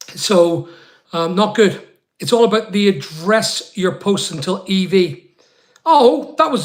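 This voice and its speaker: A middle-aged man from Scotland chatting live with viewers in a high-pitched voice. He talks bluntly, swears without a second thought and wanders off into asides before coming back to his point. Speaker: live stream host. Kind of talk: casual live chat answering viewers.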